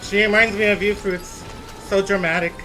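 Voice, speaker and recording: High-voiced man streaming while walking. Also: steady tone, normal speed, over music. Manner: playful, teasing, laughs often, drops into Spanish phrases. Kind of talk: casual live-stream chat while gaming and walking.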